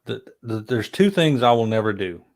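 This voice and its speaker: A man's voice: fairly low pitch, animated, moderate pace. A man in a casual chat who talks bluntly and emphatically and swears freely. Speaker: guest co-host.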